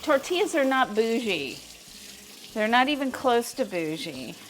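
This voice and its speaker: A woman's voice: a little high, sing-song, unhurried, slight background noise. A woman chatting casually while she cooks on a live stream, explaining as she goes and laughing often. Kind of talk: casual cooking stream chat.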